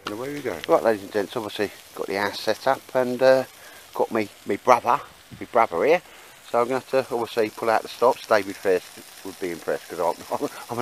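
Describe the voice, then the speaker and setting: A man's voice: lowish voice, slight background noise, low-quality recording. A man chatting casually in a rambling way with lots of fillers while he shows his camp gear outdoors in the woods. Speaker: bushcraft vlogger.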